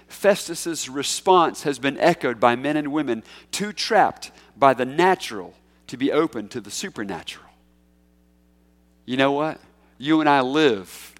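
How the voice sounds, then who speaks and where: A man preaching a sermon in a conversational, emphatic way, with big swings in pitch and loudness. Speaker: pastor. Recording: echoey hall.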